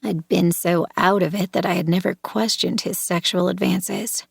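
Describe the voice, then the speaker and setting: Creaky-voiced woman narrating a tense thriller. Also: fairly low pitch, fairly even intonation, dry recording, studio quality. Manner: tense, measured, confrontational in dialogue. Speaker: audiobook narrator. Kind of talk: first-person thriller narration.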